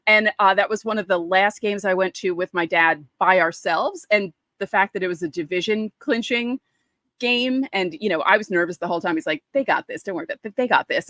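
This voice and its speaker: A woman, co-hosting a podcast and chatting casually, telling lively stories and acting out quotes. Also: mid-range voice, no room sound. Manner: animated storyteller, acts out quotes. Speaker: podcast co-host. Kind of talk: casual chat.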